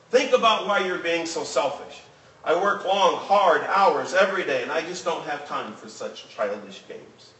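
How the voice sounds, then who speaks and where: A man's voice: medium pitch, a bit bright. Guy reading out a cranky worn-out dad, curt and scolding, roomy echo, mic kinda far off. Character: stern tired working father, impatient. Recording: roomy room, mic at a distance.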